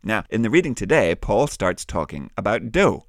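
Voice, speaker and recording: A man hosting a kids' Bible podcast, his low-pitched voice moving up and down with lots of life. He talks warmly and like a teacher. The recording is dry and close. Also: moderate pace, creaky, no room sound. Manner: warm, lively, teacherly. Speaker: children's podcast host.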